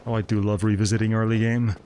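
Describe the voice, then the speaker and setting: A man's voice: lowish voice, little pitch movement, fast talker, dark tone, a little hiss or hum. A man giving live gameplay commentary in a sardonic, profane, chatty way. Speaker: streamer. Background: game music.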